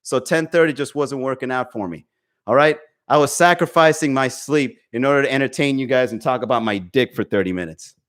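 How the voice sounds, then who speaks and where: A man's voice: medium pitch, fairly quick, a bit bright. A man hosting a live comedy podcast, ranting profanely and greeting chat viewers by name. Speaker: podcast host. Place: home. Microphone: desk microphone.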